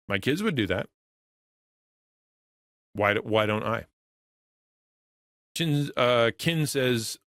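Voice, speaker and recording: A man's voice: medium pitch, lively intonation, moderate pace, long pauses, a bit bright, no room sound, clean studio sound. A middle-aged man in a casual livestream, talking earnestly to his chat, rambling with many restarts and repeated words. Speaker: streamer and pastor to creators.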